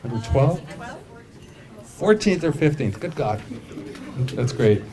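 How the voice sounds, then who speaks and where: A man's voice: mid-range voice, slow pace. Fields: Sex: man. Role: chatty event emcee. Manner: relaxed, chatty announcing with filler ums. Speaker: event host. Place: live event venue with an audience.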